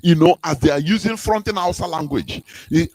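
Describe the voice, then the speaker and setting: A man's voice: fairly high pitch, fairly quick, a little mellow, low-quality recording. A man, giving a fervent radio talk full of rhetorical questions and sing-song rises. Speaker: radio broadcast speaker. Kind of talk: impassioned preaching talk.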